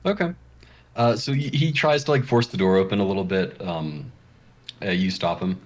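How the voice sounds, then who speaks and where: A man narrating as game master of a tabletop game, relaxed and hesitant with many fillers. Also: deep voice, normal speed.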